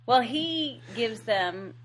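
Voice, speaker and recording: A woman's voice: a little high, lively intonation, very slow. Chatty woman podcaster recapping a movie. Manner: chatty, full of "like" fillers. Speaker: podcast co-host. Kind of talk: casual movie-recap chat.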